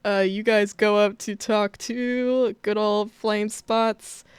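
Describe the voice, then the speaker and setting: A woman narrating a tabletop game as game master, casual and relaxed. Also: mid-range voice, slow, smooth, dry recording.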